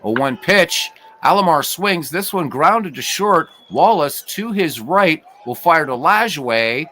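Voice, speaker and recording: A man doing play-by-play for a simulated baseball game in a lively, swinging voice that jumps up to near-shouts on big hits and drops low for wry asides. He chats with his live viewers between pitches. A faint hiss of noise sits under the recording. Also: slow. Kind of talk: solo play-by-play commentary with live chat.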